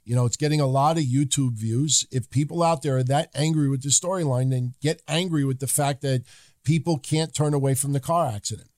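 A man co-hosting a podcast, reading listener names and giving calm, measured opinions in casual chat. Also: medium pitch, dry recording, studio quality. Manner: calm, measured, occasionally swearing. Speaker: co-host.

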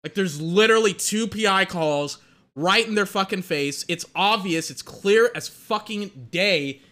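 A man giving live fan commentary on a game, excitable and exasperated, swearing and saying "like" often as he rants at the officials. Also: high-pitched, unhurried. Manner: excitable, exasperated, profane rant with filler "like".

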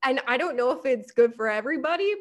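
A woman's voice: high voice, expressive, fast talker. A woman, a guest on a podcast, chatting in a rambling way and laughing often. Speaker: podcast guest, hair removal business owner. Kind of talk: casual interview chat.

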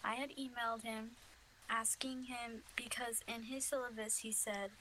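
Young woman podcast co-host, bright slightly high voice, rambling story with fillers, faint background noise. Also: steady tone, moderate pace, poor audio. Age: young adult. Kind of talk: casual chat.

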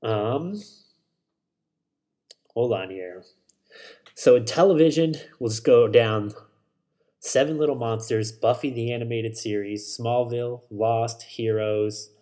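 Podcast dude rambling and cussing, warm mellow tone, mid pitch. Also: male voice, slow pace, long pauses. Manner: rambling, swears, self-correcting. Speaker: podcast host. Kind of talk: casual solo podcast chat.

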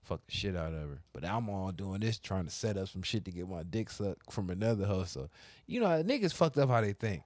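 A man telling crude stories in casual chat, animated and profane, acting out both sides of conversations. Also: sits low, brisk, no room sound. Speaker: podcast co-host telling stories.

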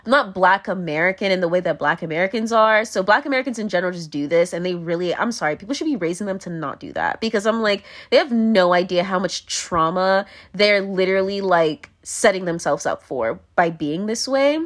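A woman's voice: fairly low pitch, expressive, a little fast, hardly any pauses. A young woman talking straight to camera in a blunt, rambling, swear-heavy monologue, often breaking into laughter. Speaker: vlogger.

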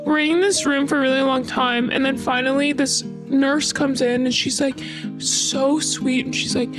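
A woman with a high voice tells a personal story in loose, casual chat. She rambles, filling her sentences with "like" and swearing freely, with guitar music playing clearly behind her. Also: steady tone, normal speed.

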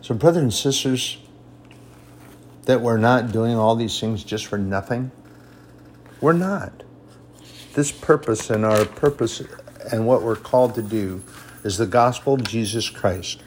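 A man preaching a sermon with emphasis, repeating his points for stress and reading scripture in a raised, slow voice. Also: mid-range voice, a little hiss or hum.

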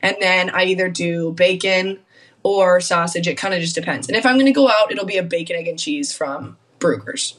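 A woman's voice: on the low side, moderate pace, a bit bright, recorded from a distance. A young woman from Minnesota, a guest on a podcast, telling stories in casual chat and acting out what people said. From Minnesota, USA. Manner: chatty storyteller, acts out quotes. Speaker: guest hockey player.

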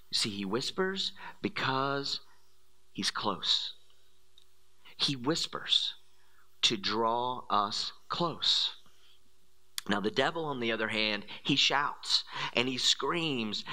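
Bright-voiced preacher swinging into whispers. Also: male voice, mid-range voice. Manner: dramatic, drops to hushed whispers; sudden quick, rising bursts. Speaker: pastor. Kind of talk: sermon.

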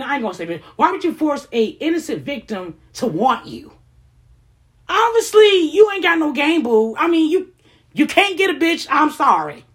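A woman delivering a heated, blunt, profane rant to camera, firing off rhetorical questions. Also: high-pitched. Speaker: vlogger.

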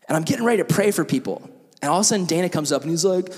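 A man's voice: a little high, animated, racing, darkish tone, in a large hall. A young man giving a youth sermon, telling stories with lots of acted-out quotes and filler "like"s. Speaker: youth pastor.

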